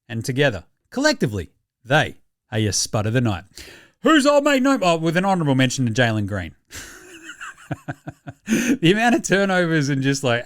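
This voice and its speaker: A man's voice: mid-range voice, no room sound, clean studio sound. A young Australian man hosting a sports podcast in casual, rambling banter, swearing and laughing often. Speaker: podcast host.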